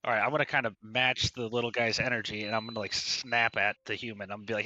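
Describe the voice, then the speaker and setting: Brash, bright-voiced male player. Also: fairly low pitch, flat delivery, fast, no room sound, dull audio. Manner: joking, brash. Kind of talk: casual tabletop play.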